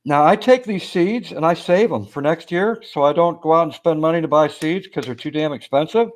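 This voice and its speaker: A man's voice: a little high, fairly quick. Plain-spoken enthusiastic man on a live stream. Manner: plain-spoken, enthusiastic, keeps saying "okay?" and "look at that". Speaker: co-host. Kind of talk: casual live stream chat.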